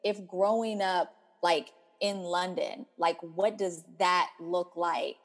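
Frank American woman, casual and relaxed. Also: on the low side, slow, soft background music. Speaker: podcast co-host. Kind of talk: casual chat.

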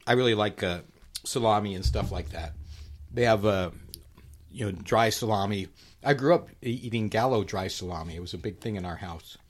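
A man co-hosting a podcast, chatting casually while snacking, animated and laughing often. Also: fairly low pitch, normal speed. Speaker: podcast co-host.

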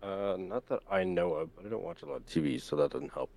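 A young adult man from Canada, guest on a casual chat, speaking in a halting, measured way with frequent fillers. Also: deep voice, animated, vocal fry, a little mellow. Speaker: guest, stream moderator.

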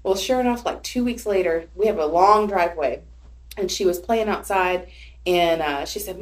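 Woman in her 30s on a podcast, casual chat, swoops high when she acts out her kid. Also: a little fast. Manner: animated storyteller, voices her child's lines. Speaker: podcast guest.

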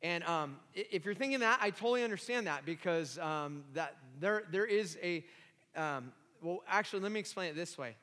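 A man pastor preaching an animated, self-deprecating sermon with many restarts in a church hall. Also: sits high, moderate pace.

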